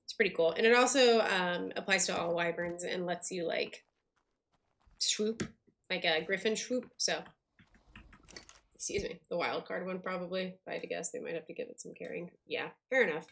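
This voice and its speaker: A woman's voice: fairly low pitch, moderate pace, vocal fry, fairly bright tone, a little hiss or hum. A woman streaming a game, chatting casually and thinking aloud with lots of fillers. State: hiccups. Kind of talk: casual gameplay commentary.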